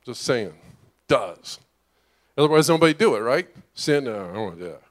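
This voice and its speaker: A man's voice: medium pitch, very animated, normal speed. A middle-aged man preaching a conversational sermon, often asking "right?" and acting out the voices of the people he describes. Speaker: pastor.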